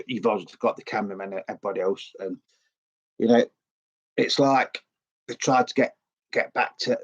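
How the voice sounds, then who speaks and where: A man's voice: mid-range voice, highs cut off. A middle-aged man, giving a rambling, enthusiastic casual review full of fillers and restarts. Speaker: video blogger.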